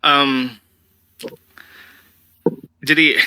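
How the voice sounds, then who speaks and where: A man asking interview questions in a halting, tentative way. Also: medium pitch, little pitch movement, pushed and bright, smooth, dry recording, rough recording.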